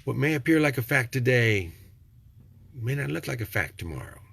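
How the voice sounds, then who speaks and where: An older man from Texas giving a rambling, preachy motivational talk, swinging from low and quiet to loud. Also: very animated, moderate pace, gravelly, breathy edge, no echo. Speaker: vlogger.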